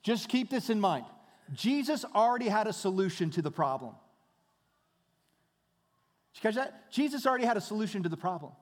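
A man leads a sermon as pastor, keeping it conversational and stacking rhetorical questions and repeated phrases. His voice sits high for a man. It rings out with a long reverberant tail in a church hall. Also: lively intonation, brisk, long pauses.

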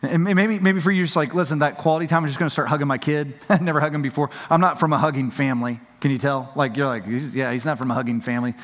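A man's voice: on the high side, quick pace, few pauses, fairly bright tone. Man preaching in an echoing hall. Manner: conversational, emphatic, with frequent restarts and acted-out quotes. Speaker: pastor. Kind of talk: sermon. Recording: long reverb of a large hall.

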